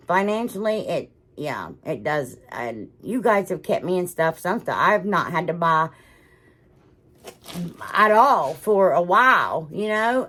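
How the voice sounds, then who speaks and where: Husky woman gushing over crafts. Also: lowish voice, a bit bright. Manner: gushing, rambling, restarts often. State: emotional, near tears. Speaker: craft channel host. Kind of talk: casual crafting chat to viewers.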